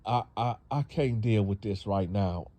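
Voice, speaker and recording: A man's voice: lowish voice, a little slow, mellow. A man voicing a stern, fed-up mother who scolds bluntly and repeats herself. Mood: distraught.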